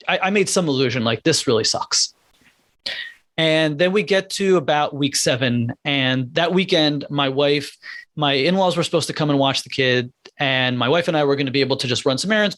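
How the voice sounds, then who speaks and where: A middle-aged man, a pediatrician guest on a podcast, telling a personal story in a candid, halting way with many restarts. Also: mid-range voice, fairly bright tone, dry recording.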